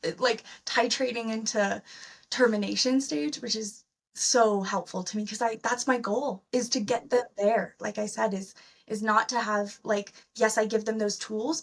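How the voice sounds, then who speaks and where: A woman's voice: mid-range voice, husky, far from the mic. A woman therapist, a guest on a podcast, speaking enthusiastically and animatedly, with many uses of "like". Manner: enthusiastic, animated, heavy use of "like". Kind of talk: conversational podcast interview.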